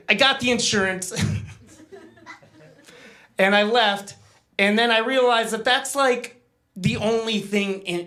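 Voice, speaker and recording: A man's voice: high-pitched, sharp tone. A man doing a live stand-up set, telling a self-deprecating story with stammers and acted-out quotes. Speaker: stand-up comedian. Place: live comedy stage before an audience.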